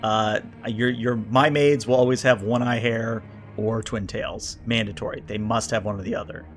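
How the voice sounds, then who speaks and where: Soft music plays behind a man whose voice is fairly low, steady, and at normal speed as he goes through a tabletop role-playing book on stream. In a chatty, casual way he reads out entries, riffs on them, and responds to chat, restarting often and leaning on filler words while he thinks aloud.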